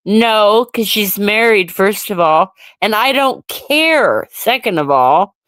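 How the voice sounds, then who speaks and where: A woman's voice: mid-range voice, lively intonation, slow, few pauses, fairly bright tone, no echo. A woman hosting a casual solo livestream, ranting and answering her chat in an irritated way. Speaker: livestream host.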